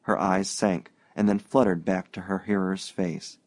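A man's voice: deep voice, little pitch movement, measured pace, darkish tone, dry recording. Man narrating an audiobook, dry close sound.

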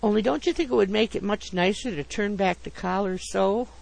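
Man putting on a gushing society lady, pitched high, gravelly underneath. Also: brisk, poor audio. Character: gushing society wife, fussing over a doll.

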